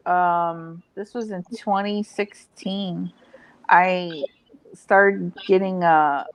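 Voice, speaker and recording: Slow-talking woman on a dull video call. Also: fairly low pitch, dry recording. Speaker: channel host. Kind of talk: casual chat among friends.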